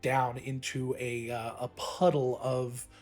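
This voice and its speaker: A man narrating as the game master of a live tabletop game, often pausing with fillers and restarting. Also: mid-range voice, little pitch movement, faint music behind. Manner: halting, many fillers and restarts.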